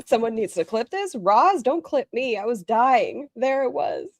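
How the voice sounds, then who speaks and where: Casting woman streamer, animated, swears freely, sings up and down, dry close sound. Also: on the high side, a little slow, no room sound. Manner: animated, profane, frequently breaks into laughter. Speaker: livestream host. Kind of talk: casual reaction stream.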